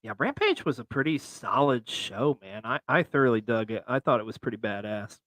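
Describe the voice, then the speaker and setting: A man co-hosting a casual wrestling chat show, chatty and excitable. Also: mid-range voice, fairly quick, no room sound. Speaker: co-host.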